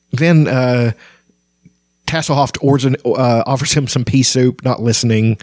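A man's voice: mid-range voice, steady tone, slow, pauses often, darkish tone, no echo, clean studio sound. A man hosting a podcast, chatting about a fantasy book in a casual, rambling way, full of fillers and restarts.

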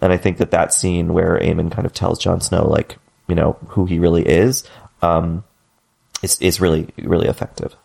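A man with a very low voice and a gravelly, creaky texture, chatting casually as a podcast co-host. He talks in a loose, halting way, full of "um" and "like" and restarts. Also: little pitch movement, darkish tone. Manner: hesitant, full of fillers and restarts. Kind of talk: casual chat.

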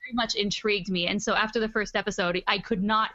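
A woman's voice: mid-range voice, steady tone, fast talker, sharp tone, muffled recording. A woman co-hosting a podcast, enthusiastic and rambling in casual chat. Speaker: podcast co-host.

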